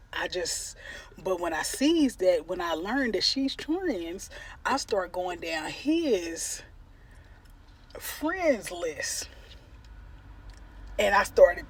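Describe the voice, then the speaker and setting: A woman vlogger telling a casual storytime while eating on camera, in an animated, profane and slangy way, breaking into loud cackles. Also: on the low side, breathy edge.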